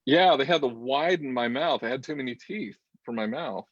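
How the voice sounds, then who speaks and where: A man's voice: mid-range voice, lively intonation, moderate pace, dry recording, dull audio. A man co-hosting a casual chat show over a video call, rambling and laughing often. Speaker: co-host.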